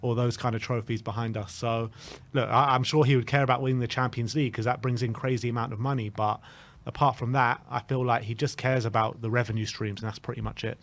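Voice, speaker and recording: A man hosts a casual football fan show. He talks with animated emphasis, doubling up his words to hammer a point home. His voice sits at an ordinary middle pitch. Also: fast. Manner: animated, emphatic, repeats himself.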